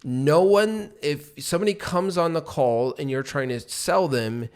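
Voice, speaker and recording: A man co-hosting a business podcast, coaching listeners in an animated way. His voice sits a bit high for a man. He acts out rising and falling tones as he explains. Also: measured pace, clear, resonant tone. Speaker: podcast co-host.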